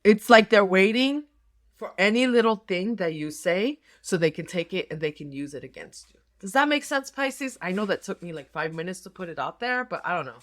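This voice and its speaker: A woman's voice: medium pitch, lively intonation, a little fast. A middle-aged woman doing a tarot reading, talking casually in a rambling way with many fillers and restarts. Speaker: tarot reader and nurse health coach.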